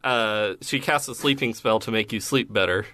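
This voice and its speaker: A man's voice: lowish voice, moderate pace, crowd noise. A man chatting casually on a podcast, recounting things in long, detailed stretches. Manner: detailed, rambling recounting of events. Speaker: podcast co-host. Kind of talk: casual chat.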